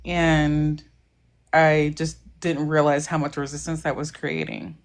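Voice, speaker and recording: Thoughtful woman with a lower voice. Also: level tone, unhurried. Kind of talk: casual faith-based discussion.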